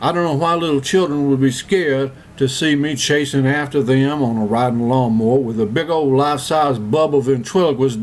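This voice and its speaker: A man voicing Forrest Gump, a gentle, slow-witted Southern man, in a comedic first-person monologue with a slow, earnest, rambling drawl and a Southern US accent. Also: medium pitch, slight background noise, lightly acted.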